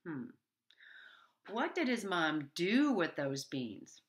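A woman teacher asking young children slow, playful questions about a fairy tale after storytime. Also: on the low side, big pitch swings.

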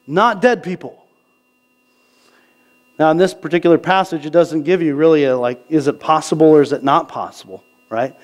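Casting: male pastor, higher voice, chatty sermon delivery, keeps asking the room "right?". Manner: conversational preaching, asks the crowd "right?"; reads scripture slowly. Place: church sanctuary.

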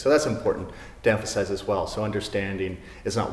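A man giving a casual guitar lesson in a showroom, talking in a relaxed way with many fillers. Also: lowish voice, brisk, reverberant, long reverb tail, a little hiss or hum. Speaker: guitar teacher. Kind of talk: casual spoken music lesson. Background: classical guitar playing.

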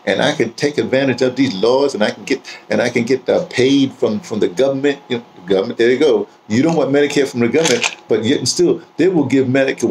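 A man's voice: mid-range voice, slight background noise. A man talking to camera in a casual, rambling monologue, repeating words and saying "you know" often, in a home setting. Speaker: vlogger.

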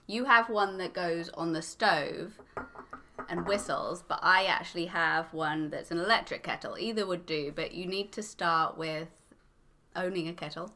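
A woman from England with a mixed English accent, a podcast guest explaining things clearly and matter-of-factly. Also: lowish voice, a little slow, bright, forceful tone, a little hiss or hum. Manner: clear, matter-of-fact instructing. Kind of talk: explaining, casual chat.

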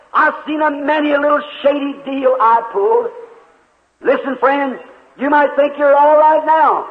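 A man preaching a revival sermon, telling a dramatic story and voicing the people in it, rising now and then to a shout, recorded in a large church hall. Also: very high voice, measured pace, long pauses. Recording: tinny old phone-like tape, long hall reverb.

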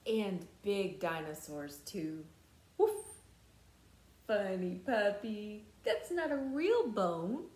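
A woman teacher reading a picture book aloud to young children in a slow, gentle and lively way. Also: medium pitch. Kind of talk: storybook read-aloud for children. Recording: roomy echo.

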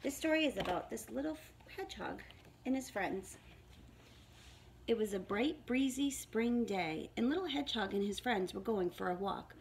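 A woman's voice: a little high, animated, moderate pace, slight background noise. A woman reading a storybook aloud to young children in a sing-song manner.

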